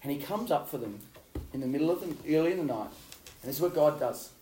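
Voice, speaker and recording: A man preaching a youth sermon, telling stories with swings from loud to hushed. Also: fairly high pitch, lively intonation, fast, a little hiss or hum. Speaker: youth pastor. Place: youth hall. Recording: roomy hall, voice from far off.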